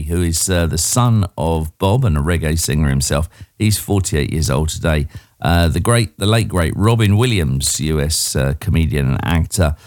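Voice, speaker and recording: A man hosting a radio show, his voice sitting very low. He chats loosely and fills pauses with ums and uhs. The sound is close and dry, with no room around it. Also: a little mellow, no echo. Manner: chatty, with frequent ums and uhs. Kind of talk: casual radio presenting.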